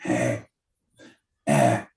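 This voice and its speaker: A man's voice: very deep voice, flat delivery, drawn-out words, creaky, a little mellow, roomy sound, distant mic, pitched below the performer's own voice, exaggerated voice. A man voicing a coarse Australian street brawler with a put-on Australian accent, swearing and blunt. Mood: gruff.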